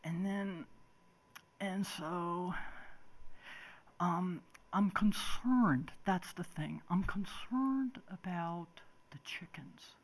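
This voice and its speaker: Woman, hesitant, soft, slow, lower pitch. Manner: hesitant, many ums, soft. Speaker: resident testifying. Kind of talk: public hearing testimony.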